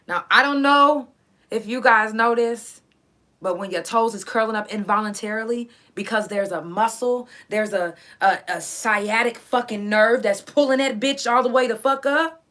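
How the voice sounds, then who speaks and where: A woman's voice: mid-range voice, a bit bright. Woman telling a painful story bluntly. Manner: blunt, profane, emotional, in pain. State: in pain, near tears. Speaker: podcast host. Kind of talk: personal story, casual monologue.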